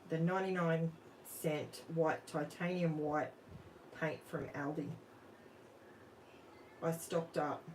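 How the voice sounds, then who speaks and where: A woman's voice: sits low, steady tone, slow pace, pauses often, a little mellow, recorded from a distance, low-quality recording. An Australian woman hosting a live crafting stream, chatting casually and thinking aloud while she works, asking viewers questions. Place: home craft room. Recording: off-mic with faint room noise.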